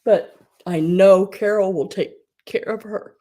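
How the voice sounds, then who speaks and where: A woman hosting an online live sale, tearful and crying, talking haltingly and often dropping to a whisper. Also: mid-range voice, mellow. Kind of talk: emotional live-stream chat.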